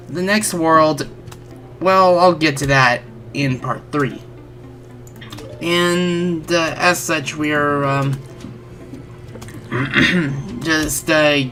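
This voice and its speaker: A woman with a low voice and a bright, forceful edge talks through a game as she plays. She sounds stuffy and a little congested, rambling and correcting herself as she goes. Faint game music runs underneath. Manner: rambling, often self-correcting. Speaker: gaming channel host. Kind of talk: let's-play game commentary.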